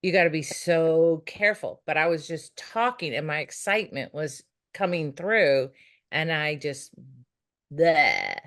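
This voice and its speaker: Animated woman telling a story on a call. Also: deep voice, measured pace. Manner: animated, acts out the voices in her stories. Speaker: team member on a video call. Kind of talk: casual storytelling.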